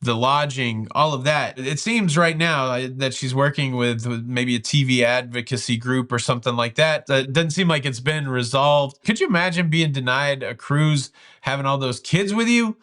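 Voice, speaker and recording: A man's voice: mid-range voice, moderate pace. A man hosting a cruise news show in a casual, chatty and jokey manner. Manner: chatty, jokey, lively delivery.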